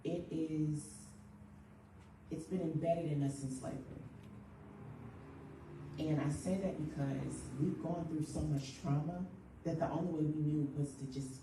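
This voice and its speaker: A woman counselor leads a church workshop on grief. Her somewhat low voice carries from a distance through a very echoey room with a faint hiss behind it. She talks in a lively way and keeps acting out short everyday quotes. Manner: lively, acts out quick everyday quotes, laughs often. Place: church hall.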